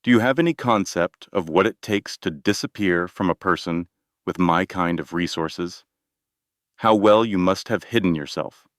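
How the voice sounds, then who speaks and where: A man voicing a wealthy male crime boss who speaks coldly and deliberately, hurt beneath his fury. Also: low-pitched, fairly bright tone, dry recording, clean studio sound. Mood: cold, demanding. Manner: cold, deliberate, demanding.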